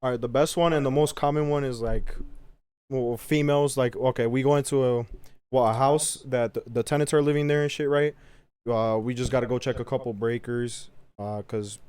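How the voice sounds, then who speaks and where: A man with a warm, mid-range voice chats easily on a casual podcast. He rambles a bit, leaning on fillers and swearing. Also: medium pitch, steady tone, moderate pace, clear, resonant tone. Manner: laid-back, profane, filler-heavy. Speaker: podcast co-host.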